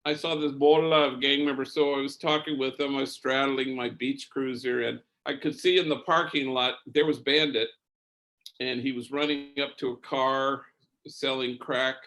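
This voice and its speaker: A man of middle pitch tells a personal story in a hearing, taking his time. He speaks as a priest would, easy and anecdotal. He often pauses and restarts mid-sentence. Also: steady tone, fairly bright tone. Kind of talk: spoken testimony, storytelling.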